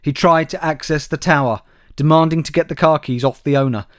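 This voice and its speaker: A man reading news stories aloud on a comedy podcast, dry and wry in his delivery. His voice sits a little high for a man, and the sound is close and dry with no room echo. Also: a little fast. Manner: dry, wry delivery, addresses co-host by name. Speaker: podcast co-host.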